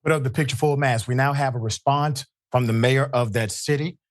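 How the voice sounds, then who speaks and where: Emphatic male news host speaking at a middle pitch. His voice is close and dry, with no room sound. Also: steady tone, fairly quick, dry recording. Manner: emphatic, indignant. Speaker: show host. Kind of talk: live news commentary.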